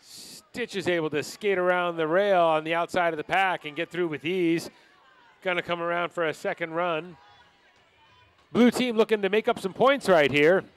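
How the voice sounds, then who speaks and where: An announcer calling roller derby action live in brisk play-by-play. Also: medium pitch, clean tone. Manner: brisk play-by-play of skater moves. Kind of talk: live sports commentary.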